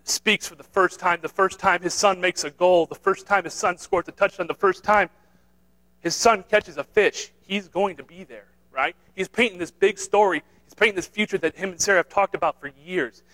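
Man preaching, earnest, lightly raised voice, halting repeats, tag questions. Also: sits high, a bit bright, low-quality recording. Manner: earnest, repetitive, with many restarts and "right?" tags. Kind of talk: sermon.

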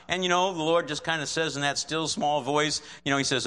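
Male preacher, slightly high voice, forceful and bright, conversational, sermon, keeps asking "right?". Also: fairly even intonation, fairly quick, few pauses, clear, resonant tone. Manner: conversational, checks in with frequent "right?"; chuckles often while preaching. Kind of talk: sermon with scripture reading.

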